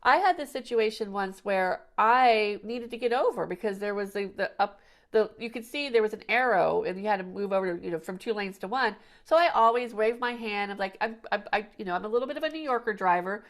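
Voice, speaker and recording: A woman hosts a podcast, talking casually and spinning long stories full of restarts and asides. Her voice has a gravelly, creaky texture, and she sits at a middle pitch. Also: brisk. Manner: chatty storyteller, lots of restarts and "you know". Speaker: podcast host. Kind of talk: casual conversational chat.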